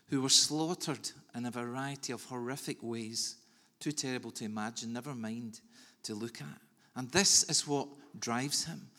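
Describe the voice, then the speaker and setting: A man preaching a sermon in an earnest, measured way with soft pauses. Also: mid-range voice. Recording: long reverb of a large hall.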